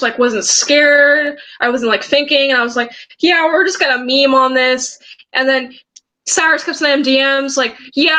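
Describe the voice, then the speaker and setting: A woman's voice: high voice, pushed and bright, poor audio. A teenage girl vlogger telling a story in a rambling, agitated way, with many restarts. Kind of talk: storytime vlog.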